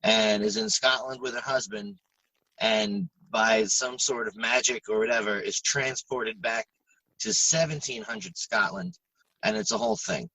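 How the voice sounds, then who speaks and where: A podcast co-host in casual chat, talking frankly and swearing freely with halting restarts, audibly stressed and upset. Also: male voice, mid-range voice, lively intonation, creaky, sharp tone, slightly rough, no room sound, distant mic, low-quality recording.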